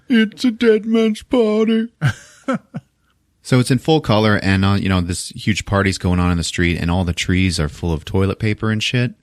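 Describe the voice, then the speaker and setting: A man hosting a podcast, retelling a film plot in a casual, animated and profane way and acting out the characters. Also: sits low, moderate pace, no echo, studio quality. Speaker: podcast host.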